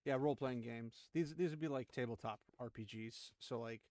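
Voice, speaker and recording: Casual young male streamer, chatty and rambling, average pitch, dry close mic. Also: moderate pace, a little mellow, dry recording. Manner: chatty, laughs often, rambling asides. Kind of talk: casual chat showing off collectibles.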